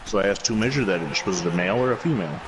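A man's voice: low-pitched, animated, racing, noisy background. A man streaming a football video game on a headset, chatting casually and cracking wry jokes. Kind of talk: casual gaming chat.

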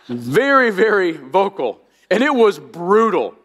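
Middle-aged male pastor from Indiana; high-pitched, chatty storyteller preaching in a large echoing sanctuary. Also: very animated, takes it slowly, fairly bright tone. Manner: storytelling, self-deprecating, many restarts. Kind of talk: sermon. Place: large church auditorium. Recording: long reverb of a large church.

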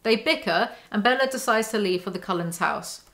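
A woman's voice: medium pitch, lively intonation, fairly quick, a bit bright. A woman running a book commentary channel, reading passages aloud and cutting in with sarcastic, mocking asides.

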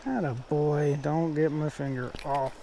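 A man films his own fishing trip outdoors at a creek, chatting in an unhurried, drawn-out way. He coos gently at every fish he pulls in. Faint outdoor sounds sit behind his voice. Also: fairly high pitch, fairly even intonation, gravelly, slight background noise. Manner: talks softly and fondly to the fish he catches. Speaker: fishing vlogger. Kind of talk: casual outdoor fishing vlog.

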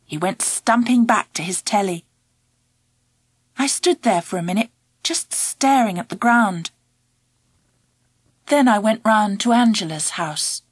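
A woman narrating a children's audiobook in the first person, expressive and animated. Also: mid-range voice, measured pace, long pauses, slightly rough, no echo. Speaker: audiobook reader.

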